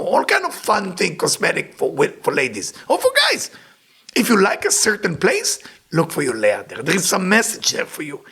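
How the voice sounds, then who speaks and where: A man teaching a Kabbalah lesson, telling stories with animated emphasis. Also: fairly high pitch, gravelly, slightly rough. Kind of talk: lesson with storytelling.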